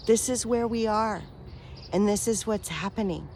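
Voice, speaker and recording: Woman vlogger, mid-pitch, unhurried, heartfelt and rambling, light background noise. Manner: earnest, affectionate, rambling with fillers and soft laughs. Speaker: spiritual vlogger. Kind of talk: heartfelt direct-to-camera talk.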